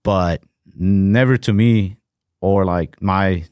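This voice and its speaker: A young man with a lowish voice tells long, meandering anecdotes on a podcast, peppered with swearing and voiced quotes. The sound is close and dry, with no room around it. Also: takes it slowly, smooth, no echo. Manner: rambling, profane, animated anecdotes with voiced quotes. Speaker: podcast co-host. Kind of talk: casual storytelling chat.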